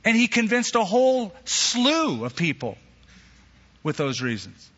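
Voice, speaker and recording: A man preaching a sermon with a bright, forceful edge to his fairly high voice, his pitch jumping as he drives each point home. The sound is slightly dull, and his voice carries a long echo from the hall around him. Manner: animated preaching with sudden pitch jumps and acted quotes. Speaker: pastor.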